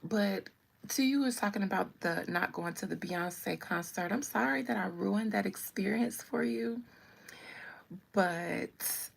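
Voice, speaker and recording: A woman hosts a casual live stream as a tarot reader, answering her chat with sassy, teasing banter. Her voice has a gravelly edge and a husky, breathy texture. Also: medium pitch, unhurried. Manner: sassy and playful, teasing viewers.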